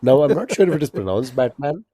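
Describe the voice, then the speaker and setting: A man co-hosting a trivia podcast in casual chat, easygoing and quick to laugh. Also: medium pitch, very animated, warm tone. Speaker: podcast co-host.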